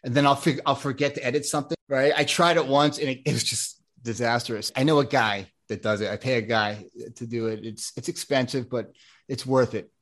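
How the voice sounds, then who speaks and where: A man's voice: medium pitch, steady tone, brisk, fairly bright tone. An American man, an ADHD coach, talking in a casual podcast interview, rambling with many restarts and plenty of enthusiasm. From United States.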